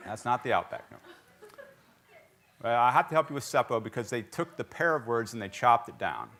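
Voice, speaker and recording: In the sanctuary, a pastor who grew up in South Carolina preaches a little fast in a mid-range voice. His manner is lively and playful, with jokes and questions aimed at the congregation.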